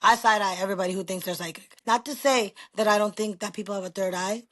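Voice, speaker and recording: Loud New York woman telling stories. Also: mid-range voice, fast talker. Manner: loud, animated storyteller. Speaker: guest. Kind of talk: casual chat.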